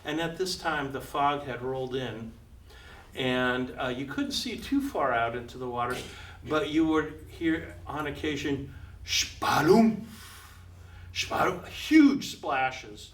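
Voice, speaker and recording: Unhurried and mid-range in pitch, an older American man recounts a personal adventure for a live audience, often chuckling and voicing the characters himself. The recording sounds roomy and a bit distant, with a faint hum underneath.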